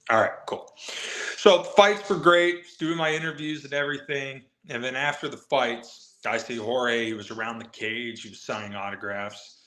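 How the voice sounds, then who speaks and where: Man, guest storyteller, eager and quick, bright tone, echoey room. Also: medium pitch. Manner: excited, fast anecdote-telling with acted quotes. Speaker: guest MMA reporter. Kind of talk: animated storytelling on a live show.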